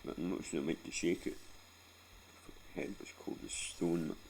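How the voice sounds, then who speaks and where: Scottish guy, 40s, super low croaky voice, sweary rambling vlog story, keeps saying right?, choked up, faint hiss behind. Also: fairly even intonation, moderate pace, a little mellow. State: emotional, close to tears. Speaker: vlogger. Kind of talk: personal storytelling.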